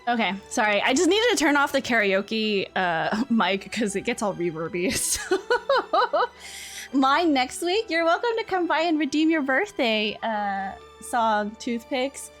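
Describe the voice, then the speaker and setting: A young woman streamer chatting casually with her viewers, giggly, easily distracted and quick to apologize. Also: a little high, very animated, fairly bright tone, soft background music.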